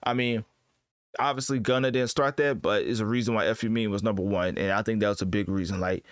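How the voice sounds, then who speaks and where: A man's voice: on the low side, fairly even intonation, quick pace, dry recording. Guy rambling about rap picks, casual slang, keeps correcting himself, dry sound. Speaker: host ranking rappers. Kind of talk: casual commentary.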